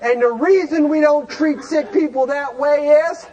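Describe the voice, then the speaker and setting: A man speaking to a recovery group in an animated lecture, firing rhetorical questions and sometimes shouting. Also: extremely high pitch, a little slow, muffled recording, some chatter behind.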